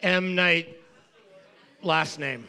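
Bright wisecracking man in quiz banter. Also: a little high, drawn-out words, creaky, clear, resonant tone. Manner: wisecracking, crude jokes. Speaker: quiz contestant and co-host. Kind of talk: joking banter.

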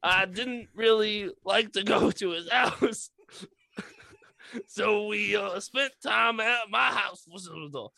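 A man's voice: high voice, slow pace, creaky, sharp tone, dry recording. A man reading a transcript aloud for comic effect, often laughing, on a close podcast mic. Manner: giggly, breaks into laughter. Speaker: comedy podcast co-host.

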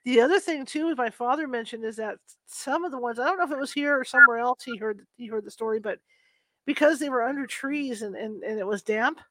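A middle-aged woman from California chatting casually and spinning anecdotes with a chuckle in them. Her voice sits a little on the high side, recorded close and dry with no room sound. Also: a little fast, bright, forceful tone, dry recording. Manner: chatty storyteller, laughs while telling. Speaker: conversation partner. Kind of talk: casual chat. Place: Sacramento, USA.

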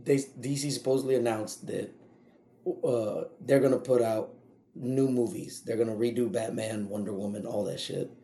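A man chatting on a casual podcast, loud and profane, often laughing through his points. His voice sounds mellow and dark, and the room around him is echoey. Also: medium pitch, fairly even intonation, normal speed. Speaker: podcast co-host.

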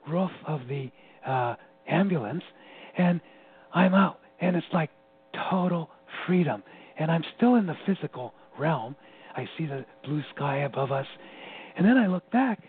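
Animated man telling a story over phone. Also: on the high side. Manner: animated, laughs often while telling. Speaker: interview guest. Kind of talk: personal storytelling. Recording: tinny phone-line sound with faint hum.

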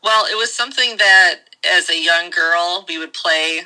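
A woman with a Wisconsin accent and a very bright, sharp tone talks casually about her writing. Her delivery is easygoing, with ums and small laughs between thoughts. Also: on the low side, measured pace, rough recording. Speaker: author guest. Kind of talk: casual interview. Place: bedroom at home.

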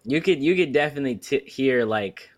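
A man from Queens with a New York accent, co-hosting a casual podcast and talking in an animated, swearing way. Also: mid-range voice, fairly quick, no room sound. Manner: animated, swearing, lively storytelling. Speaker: podcast co-host. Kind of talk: casual chat.

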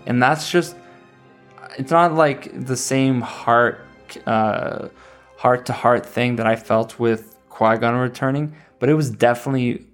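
A man in his thirties chats eagerly as he reviews his favorite scenes. He rambles, restarts often, and keeps a middle pitch over faint music in the background. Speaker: series reviewer. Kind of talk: casual chat.

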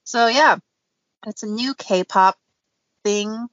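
Speaking slowly in a slightly high, fairly bright voice, this podcast co-host keeps things casual, laughing frequently and leaning on lots of fillers in her loose, talkative style. The audio is dry with no room sound and a little muffled.

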